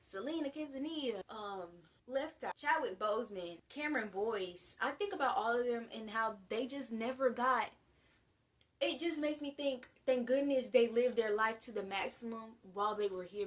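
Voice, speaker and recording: Chatty, animated young woman from the US. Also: fairly high pitch, recorded from a distance. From United States. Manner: animated, slangy and chatty, with big swings in loudness. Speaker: vlogger. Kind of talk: casual to-camera monologue.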